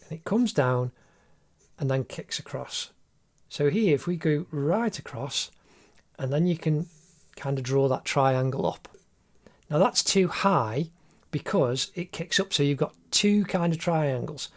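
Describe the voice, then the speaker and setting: A man with a fairly high voice narrates a drawing lesson as he works. He explains each step patiently and keeps encouraging the learner. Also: lively intonation, measured pace. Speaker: art teacher.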